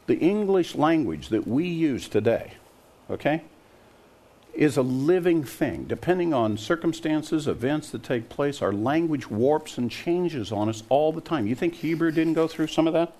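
A man's voice: on the high side, dark tone. An older man preaching a sermon, emphatic and scoffing, often putting questions to his listeners. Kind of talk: sermon to a congregation.

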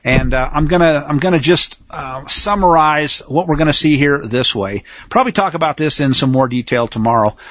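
A man teaching a Bible passage in sermon style, blunt and emphatic, swinging between loud pushes and low asides. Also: normal speed, hardly any pauses, no echo, dull audio.

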